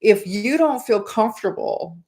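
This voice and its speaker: A woman's voice: mid-range voice, lively intonation, a little slow, darkish tone. A woman in her fifties, a dating coach telling a personal story as advice in a chatty, rambling way. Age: 50s. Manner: chatty, rambling, acts out quoted dialogue.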